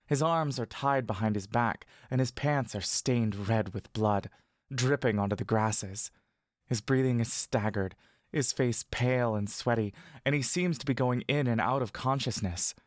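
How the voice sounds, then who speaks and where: A man narrates a fantasy adventure in second person, steady and measured. His voice sits at a middling pitch. The recording is dry and close, with no room sound. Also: no room sound. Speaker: audio narrator.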